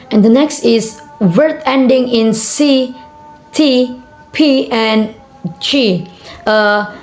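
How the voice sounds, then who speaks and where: A young woman reads out a class assignment, moving at an unhurried, halting pace. Her voice sits a little on the high side. She pauses often on fillers and says example words more than once. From Indonesia. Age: young adult. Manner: hesitant, frequent fillers and repeated example words. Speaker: university student. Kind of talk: reading a class assignment on word stress.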